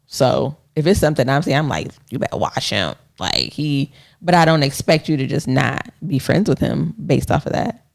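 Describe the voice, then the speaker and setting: A woman co-hosting a podcast, speaking in a direct, candid way with some gentle teasing. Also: rumbling low, animated, normal speed, gravelly. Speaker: podcast co-host. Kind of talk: casual relationship chat.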